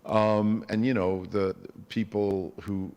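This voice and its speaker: A man with a very low voice answers an audience question at a live event. He thinks aloud and pauses often as he talks. His voice rings with the long reverb of a large hall. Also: flat delivery, darkish tone, smooth.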